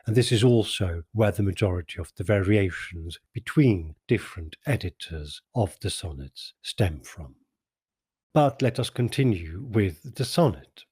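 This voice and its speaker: A man hosting a poetry podcast, explaining a sonnet line by line in a measured, precise lecturing manner. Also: low voice, expressive, a little mellow, breathy edge. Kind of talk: explanatory commentary on verse.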